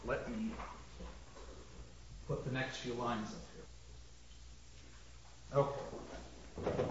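A man lecturing on poetry, reading lines aloud slowly and stressing each beat. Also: medium pitch, steady tone, a little hiss or hum. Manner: slow, deliberate, reads lines aloud with stressed beats. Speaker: literature lecturer. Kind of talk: close reading of verse, lecture. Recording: roomy, slightly dull audio.

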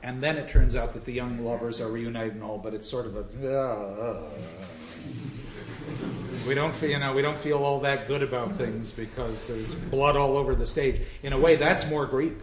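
A man's voice: mid-range voice, fairly even intonation, normal speed, background noise. A man lecturing on drama with frequent restarts, animatedly acting out the lines he quotes. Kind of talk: lecture with audience questions. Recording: dull roomy lecture recording.

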